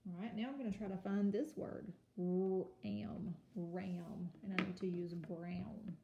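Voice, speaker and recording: A woman teaching a kindergarten home-learning lesson, speaking slowly and carefully and sounding out words for young children. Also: fairly low pitch, steady tone, gravelly, highs cut off. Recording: echoey room with faint noise.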